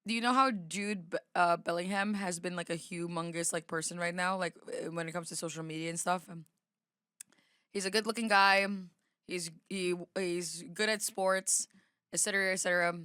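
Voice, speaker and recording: A woman's voice: on the low side, fairly even intonation, moderate pace, bright, forceful tone, clean tone, no room sound, clean studio sound. A Filipino woman streamer chatting casually while reacting to a video, rambling with lots of fillers and restarts. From Philippines.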